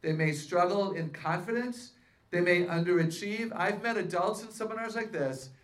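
A woman addressing a live audience at a faith-based seminar. She talks in a lively way, keeps asking the crowd questions, and pokes fun at herself. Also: on the low side, normal speed. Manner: playful self-mocking humor. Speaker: seminar speaker and author.

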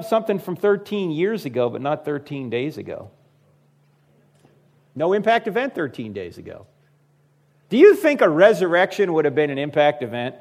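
A man in his fifties giving a humorous talk to a live audience. He addresses the crowd directly and acts out the voices of people in his stories. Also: fairly high pitch. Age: 50s. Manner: animated storyteller who acts out quoted voices. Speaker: public speaker.

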